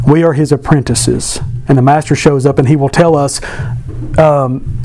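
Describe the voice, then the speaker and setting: A man's voice: mid-range voice, fairly even intonation, moderate pace, mellow, soft background music. A man giving a casual devotional talk to a Bible class, asking many rhetorical questions and adding joking asides.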